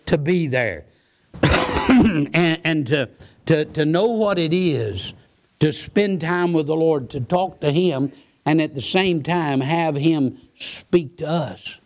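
A man preaching a sermon, earnest and given to repeating his words. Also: a little high. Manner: earnest, repeats words, quotes scripture and hymns.

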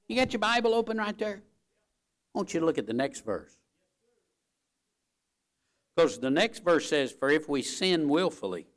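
A man's voice: a little high, sing-song, moderate pace, pauses often. Older man preaching with repeated "all right?". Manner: emphatic, repetitive, addresses congregation with "all right?". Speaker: pastor. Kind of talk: sermon.

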